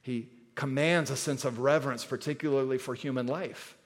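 A man preaching a sermon as pastor, emphatic, repeating key words and moving between loud and soft delivery. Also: mid-range voice, steady tone, normal speed. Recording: long hall reverb.

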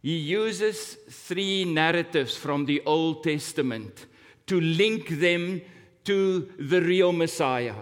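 A man preaching a sermon, telling a story slowly and dramatically, with big rises and drops in pitch and volume. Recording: long hall reverb.

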